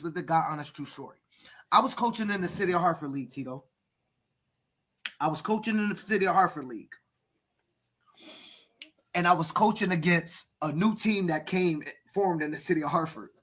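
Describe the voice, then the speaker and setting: A man who coaches youth football, telling stories and lecturing parents on a podcast, emphatic and preachy, now and then breaking into shouts. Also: high voice, animated, a little fast, long pauses. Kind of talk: animated podcast storytelling.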